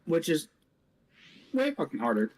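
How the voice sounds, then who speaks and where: A man hosting a game stream in casual chat, animated, swearing constantly and laughing through his lines. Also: on the high side, measured pace, a little hiss or hum. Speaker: streamer and host.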